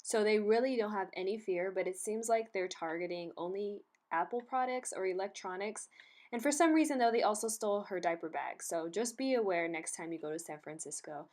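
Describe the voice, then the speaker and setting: A woman's voice: medium pitch, fairly quick. Indignant woman vlogger, roomy echo. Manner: indignant, animated storytelling. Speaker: vlogger telling a story. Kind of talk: casual story time.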